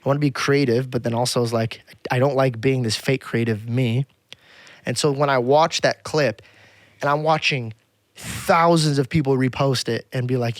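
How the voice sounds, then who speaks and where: A man's voice: mid-range voice, steady tone, moderate pace, no echo. A man on a podcast, telling a story casually and acting out other people's lines. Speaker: podcast guest.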